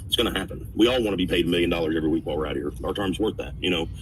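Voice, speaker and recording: Deep-voiced male trucker host, fast and emphatic, off-mic on a noisy line. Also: distant mic. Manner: preachy advice to drivers, emphatic. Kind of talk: casual podcast chat.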